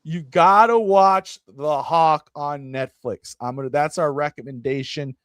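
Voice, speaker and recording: A man hosting a sports podcast in casual chat, rambling and animated as he drifts into side comments. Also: on the high side, measured pace, no room sound, clean studio sound. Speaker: podcast host.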